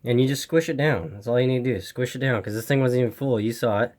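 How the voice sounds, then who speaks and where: A man's voice: medium pitch, quick pace, a little mellow. A man casually walking through an RC car repair step by step, rambling and repeating himself with a voice that is giving out. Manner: rambling, repeats instructions, apologizes for camera. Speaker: RC hobby video host. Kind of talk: casual how-to walkthrough.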